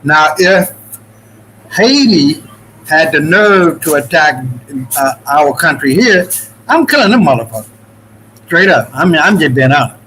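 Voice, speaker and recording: A man's voice: fairly high pitch, lively intonation, measured pace, pauses often, pushed and bright, slight background noise, poor audio. A man from the Dominican Republic in a casual, rambling talk-show chat, swearing freely and restarting his sentences often. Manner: loose, profane, rambling with many restarts.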